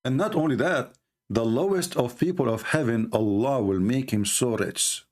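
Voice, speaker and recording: A man's voice: medium pitch, moderate pace, darkish tone. A man giving a sarcastic, mocking monologue as a religious debater, full of scornful rhetorical questions.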